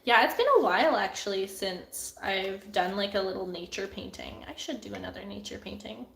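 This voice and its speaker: A woman's voice: mid-range voice, fairly quick, vocal fry, a bit bright, roomy sound. A woman, a painter chatting casually with her viewers on a live stream, laughing often and filling her talk with "like.". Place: home studio room.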